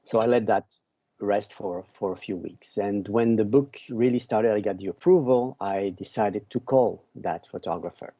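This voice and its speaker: A man from Belgium, a podcast guest who tells a long story slowly and often repeats words as he searches for them. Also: lowish voice, warm tone, dry recording, dull audio. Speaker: podcast guest, book author.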